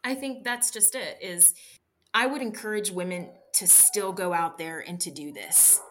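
Bright-voiced woman telling her story. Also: medium pitch, a little hiss or hum. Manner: halting, frequent restarts and fillers. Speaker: interview guest, bikepacking racer. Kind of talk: candid personal storytelling.

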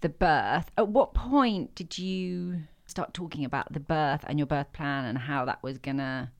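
A woman interviewer asking gentle, probing questions. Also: low voice, a little slow.

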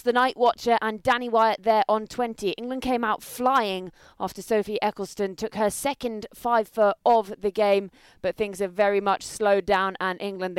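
A woman giving a brisk, animated live cricket report from the ground. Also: medium pitch, smooth, no echo.

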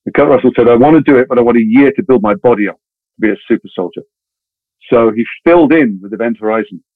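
Fast-talking man on a tinny line. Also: medium pitch, no echo. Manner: fast, animated storytelling with voiced quotes. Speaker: actor telling stories. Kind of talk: casual anecdote in a podcast interview. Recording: tinny phone-like audio.

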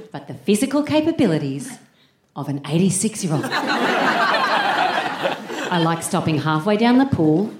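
A woman's voice: fairly low pitch, darkish tone. A woman and podcast host performing live stand-up in a theatre, sardonic and punchy, swearing and chatting with the audience. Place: theatre stage before a laughing audience. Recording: roomy live venue, audience noise.

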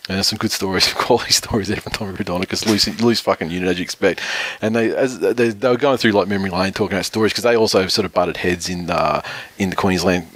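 A man's voice: deep voice, fast talker, few pauses, a bit bright, dry recording. A middle-aged man with an Australian accent, rambling through a casual story, swearing often and laughing. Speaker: podcast co-host. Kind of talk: casual chat.

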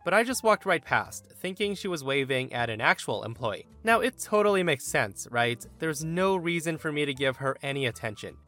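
A man with a bright, forceful voice reads a story aloud, his pitch swooping up and down as he acts out the quoted lines. Soft music plays underneath him. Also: expressive, moderate pace, hardly any pauses. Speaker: story narrator. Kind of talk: reading a reddit story aloud.

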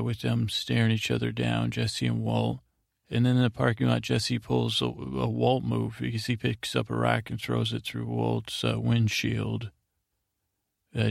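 Man, podcast host, heavy vocal fry, flat monotone, dry close sound, meandering sleepy recap. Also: mid-range voice, no echo. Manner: meandering, monotone, full of fillers and restarts.

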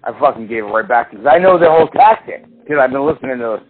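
A man's voice: mid-range voice, very fast, breathy edge. A man co-hosting a casual podcast chat, telling stories with lots of swearing and acting out what others said. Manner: animated storyteller, swears a lot, acts out quotes. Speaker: podcast co-host. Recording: tinny phone-like sound with faint hiss.

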